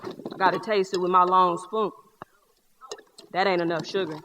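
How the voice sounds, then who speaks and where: A woman's voice: on the low side, moderate pace, a little hiss or hum, pitched below the performer's own voice, lightly acted. A woman in a one-person stage show playing a boisterous young Black man with a Southern accent, who talks in streetwise slang and tells stories with jokes. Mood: playful. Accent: Southern US (North Carolina). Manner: streetwise slang, joking, lively storyteller. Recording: live theater hall reverb.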